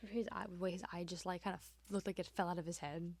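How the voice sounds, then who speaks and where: A woman hosting her art channel, chatting casually over a speedpaint with lots of fillers, often dropping into a soft whisper. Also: fairly low pitch, level tone, quick pace, no room sound.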